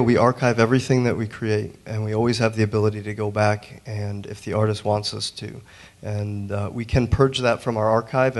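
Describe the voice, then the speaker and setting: A man with a lowish voice speaks on a museum panel. He is a printmaker who tells a long story earnestly, stumbling and restarting often. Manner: halting, many restarts and fillers, earnest. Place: museum auditorium.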